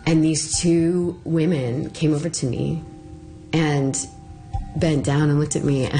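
A woman in middle age recounts her own experience, her voice very low. She talks casually and haltingly, full of fillers, over faint music. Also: steady tone. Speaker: interviewee. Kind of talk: personal storytelling.

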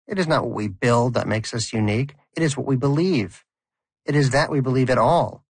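A man's voice: medium pitch, creaky, breathy edge, no room sound, pitched above the performer's own voice. A man voicing a devout, preachy male pet hamster who speaks in a solemn, sermonizing way over background music. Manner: solemn, sermonizing, slow and emphatic.

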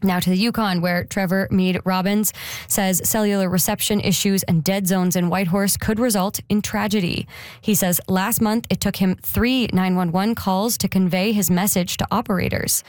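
A woman news anchor reading a regional radio newscast in a steady, measured way. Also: mid-range voice, no echo. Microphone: studio microphone.

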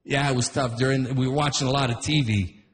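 In a large hall, a middle-aged man does stand-up, talking briskly in a mid-range voice with fairly even intonation. He's a rambling storyteller who cuts himself off mid-sentence.

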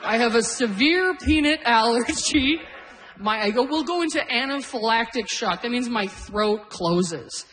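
This middle-aged stand-up comedian has a fairly high, slightly bright voice with lively intonation and a measured pace. Before a live audience, she tells self-deprecating stories and laughs through her lines.

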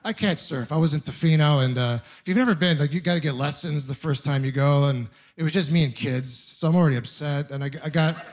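A man's voice: on the high side, quick pace, few pauses. A young adult man doing a stand-up comedy set on stage, rambling and self-deprecating, with punchy storytelling. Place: comedy club stage with laughing audience.

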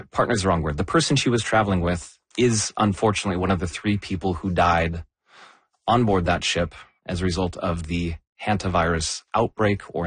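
A man hosting a science podcast, explaining news in a measured conversational way and leaning on key words. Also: low-pitched, breathy edge, no room sound. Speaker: podcast host.

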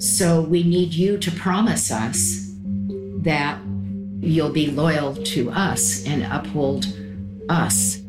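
A middle-aged woman recalling events in an interview, earnest and matter-of-fact. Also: deep voice. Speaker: interviewee, parent. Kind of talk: personal recollection in an interview. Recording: roomy recording with music underneath.

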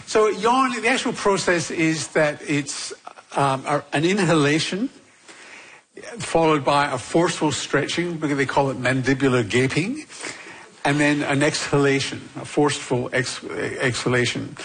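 A man's voice: fairly high pitch, measured pace, fairly bright tone, husky. A man co-hosting a radio health show, wry and teasing as he explains the science. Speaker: radio co-host.

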